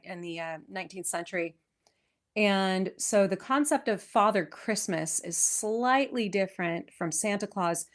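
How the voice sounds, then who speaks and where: A woman with a West Coast American accent hosting a podcast. She reads an old poem aloud, then chats about its history in a lively, enthusiastic way with frequent restarts. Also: medium pitch. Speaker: podcast host. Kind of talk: poetry reading and casual history chat. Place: lives in England.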